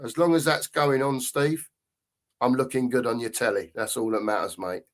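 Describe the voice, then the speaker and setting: Middle-aged man, medium pitch, easygoing fan host chatting to viewers. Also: steady tone, moderate pace. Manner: chatty, matey, greets viewers with "big up". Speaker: live stream host reading chat. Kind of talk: casual live chat.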